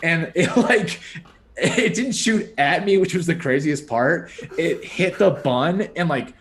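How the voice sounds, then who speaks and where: A young man co-hosting a podcast, telling a story in a casual, animated way, laughing often and saying "like" and "dude" a lot. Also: on the high side, slow pace, a little hiss or hum. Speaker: podcast co-host.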